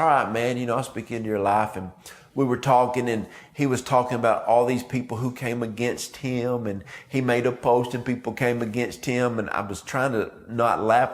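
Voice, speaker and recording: Male minister, easygoing devotional talk that slips into quoted voices. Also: mid-range voice. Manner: conversational, acts out quotes. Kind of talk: devotional video message.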